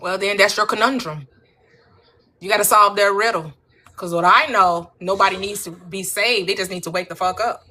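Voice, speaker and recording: Blunt bright-voiced woman host. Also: medium pitch. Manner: blunt, brisk, streetwise. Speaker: host of a live stream panel. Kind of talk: casual live-stream talk.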